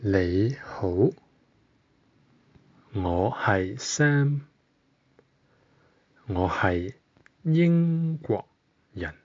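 Very slow, low-voiced man teaching a language. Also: expressive, darkish tone, muffled recording. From Britain. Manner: spells out each word slowly, with long pauses for the listener to repeat. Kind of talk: slow, deliberate language lesson.

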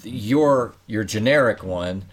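Halting man with a lower voice. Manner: halting, searching for words, many fillers. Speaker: podcast co-host. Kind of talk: casual conversation.

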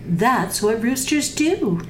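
Woman voicing a patient, gentle storybook cat. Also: fairly high pitch, big pitch swings, takes it slowly, very noisy. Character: calm, matter-of-fact storybook cat. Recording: echoey room.

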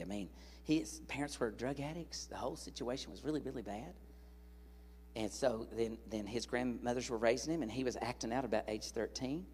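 A man preaching a sermon in a large church hall, an animated, joking storyteller speaking into a stage microphone. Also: medium pitch, husky.

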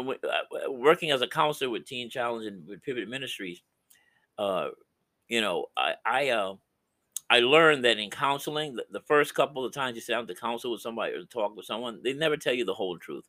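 A middle-aged man hosting a faith podcast, preaching with passion and swinging from loud to hushed. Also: mid-range voice, expressive, brisk. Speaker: podcast host and Christian counselor. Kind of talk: preaching-style podcast talk.

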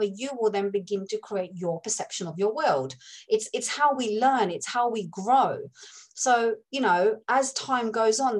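Une femme à l'accent de l'Essex, invitée d'un podcast, raconte son parcours avec franchise et imite des voix au fil du récit. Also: female voice, mid-range voice, poor audio. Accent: Essex English. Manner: candid storytelling, acts out voices. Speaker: podcast guest. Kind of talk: casual conversation.

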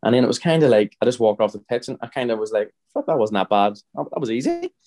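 A man's voice: medium pitch, sing-song, fast talker, darkish tone. A Northern Irish man in his thirties, a podcast guest telling a long story in a chatty, rambling way, acting out the other people's lines. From Northern Ireland. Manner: chatty, rambling, frequent restarts and quoted dialogue. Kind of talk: casual storytelling chat.

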